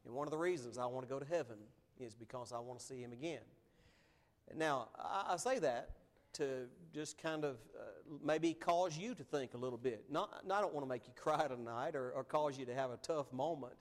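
A man's voice: medium pitch, moderate pace. A man preaching a sermon in an earnest, conversational way, his emphasis rising and falling as he goes. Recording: long hall reverb.

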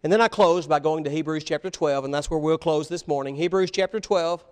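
Preacher guy, pretty high voice, acts out the bible story, talks to the kids too. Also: brisk, smooth. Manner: animated storytelling, voicing biblical figures, addressing children. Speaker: pastor. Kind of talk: sermon.

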